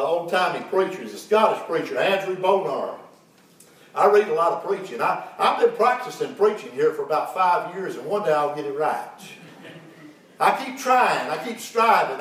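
A middle-aged pastor preaching with rising passion, his voice pitched notably high for a man. The sound is heavily echoey, picked up from a distance in a church. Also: animated, normal speed, fairly bright tone. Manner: impassioned preaching, swelling to fervent peaks. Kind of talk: sermon. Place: church sanctuary. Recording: very echoey room, mic at a distance.

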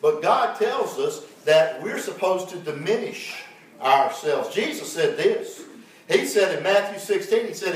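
Here the same kind of sermon comes from a high-voiced man, with slight background noise under it. He leads call-and-response with his congregation and spins folksy tales, recorded from a distance in a highly reverberant sanctuary.

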